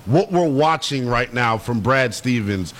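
A man's voice: medium pitch, animated, unhurried, fairly bright tone. A young man co-hosting sports talk radio, blunt, opinionated and playful.

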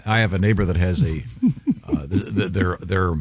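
A man's voice: sits low, normal speed, slightly rough. A man hosting a radio morning show, chatting casually and often restarting his sentences. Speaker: radio host.

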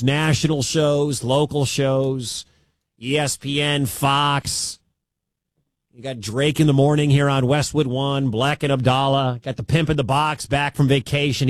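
A man's voice: mid-range voice, no echo. A man hosting a sports radio show, talking in an emphatic way and repeating his key points.

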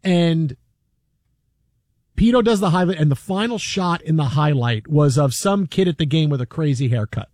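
A man hosting a sports radio show, telling a story in an animated, rambling way full of fillers from a radio studio. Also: a little high, moderate pace, dry recording. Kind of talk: casual storytelling chat.

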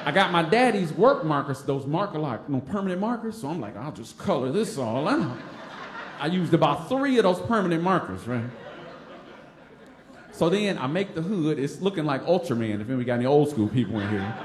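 An animated man from Detroit tells a personal story onstage, playing out the other voices as he goes. His voice sits high and swings widely in pitch. The sound carries an echoey room around it. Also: brisk. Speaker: storyteller, stand-up comic. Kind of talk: live personal story on stage.

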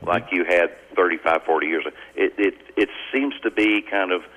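A man's voice: deep voice, a little fast, a bit bright, poor audio. A man, co-hosting a casual radio chat in a chatty, colloquial way. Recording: radio broadcast.

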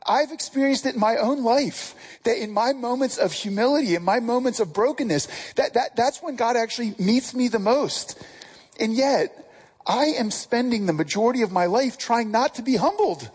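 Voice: medium pitch, lively intonation, normal speed, a little mellow, slightly rough. A pastor preaching a casual sermon, talking conversationally and often restarting and repeating words.

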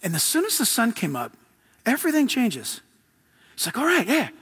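An older man preaching a sermon as pastor, telling stories in an animated way, laughing and acting out quotes. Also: very high-pitched, moderate pace, husky.

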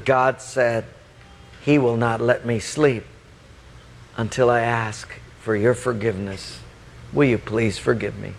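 A man's voice: medium pitch, fairly even intonation, takes it slowly, gravelly, pauses often, long reverb tail, a little hiss or hum, pitched below the performer's own voice. A man voicing a contrite young man who halts and hesitates as he apologizes, in a sermon story. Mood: meek apology.

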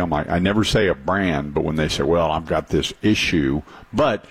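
A man's voice: low voice, fast, hardly any pauses, breathy edge. A man hosting a radio talk show about cars, chatty and emphatic, telling stories with repeated points. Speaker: radio show host, car advisor.

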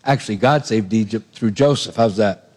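A middle-aged man preaching a sermon, retelling a Bible story with animated storytelling and acting out the lines of its people. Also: on the low side, normal speed.

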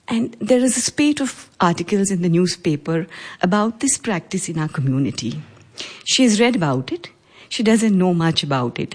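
A middle-aged woman from India telling a personal story live on stage, measured and earnest, with pauses. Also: low-pitched. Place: stage before a live audience.

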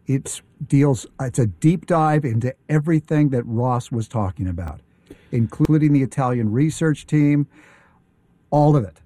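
Dark-voiced man, halting radio chat. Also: mid-range voice, no echo. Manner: enthusiastic, halting with many fillers and restarts. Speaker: radio show guest. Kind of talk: casual radio conversation.

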